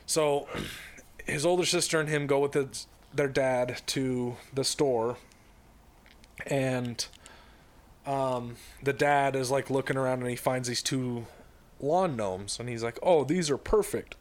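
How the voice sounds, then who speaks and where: Man, casual podcast chat, rambling storyteller, middle pitch. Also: fairly even intonation, slow. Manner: rambling storyteller with many fillers and restarts.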